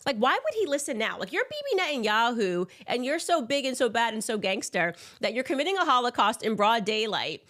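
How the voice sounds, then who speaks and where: A woman's voice: fairly high pitch, brisk, hardly any pauses. Sarcastic woman giving political commentary. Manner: sarcastic, animated, mocks with put-on voices.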